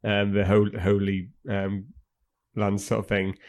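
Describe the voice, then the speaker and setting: A man's voice: fairly low pitch, monotone, slow pace, a little mellow. A British man co-hosting a casual film podcast, chatting about a movie and its scenes. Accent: British English. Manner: chatty, reads out film lines with laughs. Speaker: podcast co-host. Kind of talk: casual film review chat.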